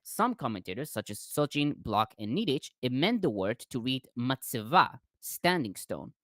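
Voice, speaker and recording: A man's voice: mid-range voice, moderate pace, no echo, clean studio sound. A man hosting a discussion, carefully reading out scholarly commentary. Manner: careful reading with lively intonation.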